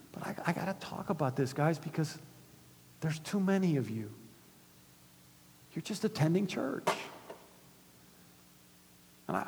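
A middle-aged man preaching a sermon in a conversational way, dropping soft and then rising loud, in a church hall. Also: sits high. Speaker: pastor. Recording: long reverb of a church hall.

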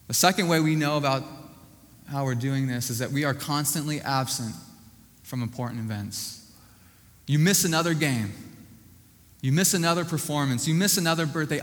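A man preaching a sermon, emphatic and repetitive, often dropping to a hushed voice at the ends of lines. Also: medium pitch, moderate pace, long pauses, long reverb tail.

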